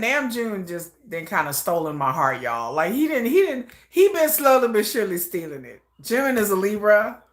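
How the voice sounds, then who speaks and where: A woman giving casual live reaction commentary, chatty, trailing off into soft murmurs and then jumping into excited bursts. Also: medium pitch.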